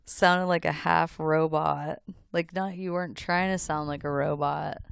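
A radio co-host chatting casually and teasing their partner, quick to laugh. The voice has a gravelly texture at a middle pitch, recorded close and dry in the studio. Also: steady tone, fairly bright tone, no echo. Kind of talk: casual chat.

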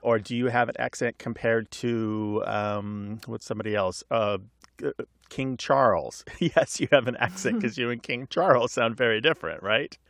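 Man, middle-aged, radio co-host, gravelly voice, dry sound, chatty explainer. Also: mid-range voice, moderate pace, a bit bright, no echo. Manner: chatty, explains with asides and laughs. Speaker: co-host of a language call-in radio show. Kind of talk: casual radio chat and explanation.

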